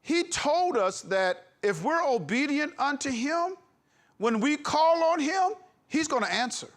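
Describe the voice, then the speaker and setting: A man's voice: very high voice, sing-song, measured pace, fairly bright tone. A man preaching a sermon with an impassioned, emphatic delivery, breaking into laughs. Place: congregation hall.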